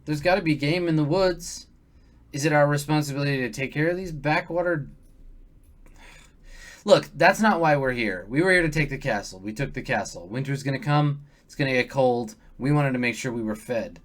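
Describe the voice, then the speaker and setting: A man's voice: on the high side, normal speed, natural voice. A man voicing a curt, blunt army lieutenant. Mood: dismissive. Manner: curt, matter-of-fact, dismissive.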